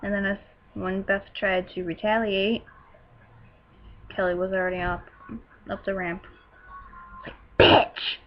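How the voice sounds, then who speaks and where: Teenage girl, excitable, gushing, loud outbursts, mid pitch, muffled lo-fi sound. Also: measured pace, pauses often. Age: teens. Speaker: wrestling show reviewer. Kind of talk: casual recap.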